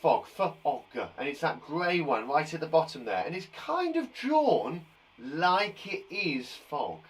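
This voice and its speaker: A man's voice: fairly high pitch, sing-song, slow, far from the mic. A man teaching a live online lesson to young children, upbeat, chatty and encouraging. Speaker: primary school teacher.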